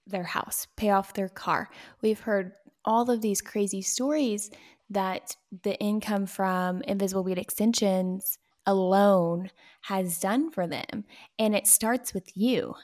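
A woman's voice: medium pitch, darkish tone. Woman interviewer, chatty and encouraging, agrees a lot. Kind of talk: interview conversation.

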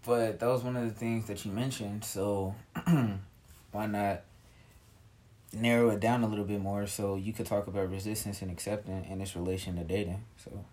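A young man with a somewhat low voice speaks as a podcast guest. His delivery is low-key and hesitant, and he often clears his throat before going on. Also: flat delivery, normal speed, darkish tone. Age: young adult. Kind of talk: casual podcast conversation.

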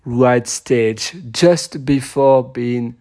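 A man co-hosting a podcast, hoarse, chatting casually and haltingly as he searches for words. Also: mid-range voice, warm tone. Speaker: podcast co-host. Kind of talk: casual chat.

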